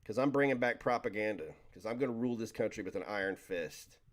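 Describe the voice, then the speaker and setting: A livestream host reads his chat in a lowish voice at a quick pace, rambling casually and joking with viewers while tripping over his words.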